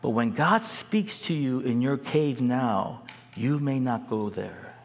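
A male preacher delivers an animated sermon, his pitch rising and falling widely. He calls on the crowd to answer him. His voice rings with long reverb in a large hall. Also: slow pace. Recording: echoey hall.

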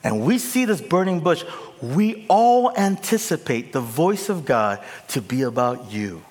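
Man, pastor, animated sermon, lively pitch swings, long hall reverb. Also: unhurried. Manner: animated, acts out scenes, swings from whispers to shouts.

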